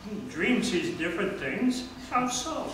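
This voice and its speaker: A man's voice: sits high, big pitch swings, a little slow, fairly bright tone, exaggerated voice. A man playing an amused interviewer in a stage sketch, feeding short prompting questions as the straight man. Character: adult male interviewer, patient and amused. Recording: echoey stage recording from far off, noise.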